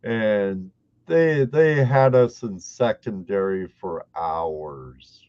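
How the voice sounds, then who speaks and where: A man's voice: fairly low pitch, expressive, a little mellow, no room sound, dull audio. A man from Washington state, a prospector guest, telling rambling stories in a casual chat. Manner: slow rambling storyteller.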